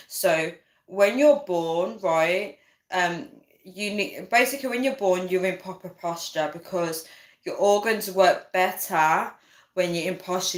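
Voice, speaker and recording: A young woman, hosting a casual livestream and chatting, giggling and reading viewer comments aloud. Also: fairly low pitch. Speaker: livestream host. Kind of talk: casual live chat. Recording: echoey room.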